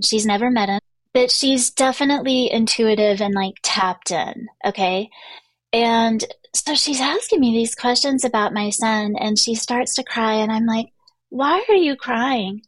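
A middle-aged woman hosts her podcast and tells a personal story in casual chat. She fills her talk with fillers and restarts. Her voice sits a little high, and the mic sound is close and dry. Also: dry recording. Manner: chatty, many fillers and restarts. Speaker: podcast host.

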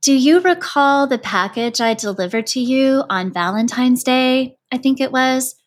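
A woman's voice: sits high, expressive, measured pace, pitched above the performer's own voice. A woman voicing a male postman who is upset and apologetic over a mistake. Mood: worried.

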